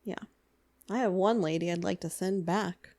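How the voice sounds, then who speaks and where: A woman's voice: fairly low pitch, moderate pace, mellow. A young adult woman co-hosting a podcast in casual chat, blunt and teasing with a dry wit. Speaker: podcast co-host.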